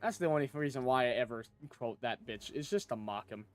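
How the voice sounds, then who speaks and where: A man's voice: mid-range voice, lively intonation, brisk. A man streaming a video game late at night, explaining the mechanics in a loose, rambling, profane way. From United States. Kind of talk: casual gameplay commentary.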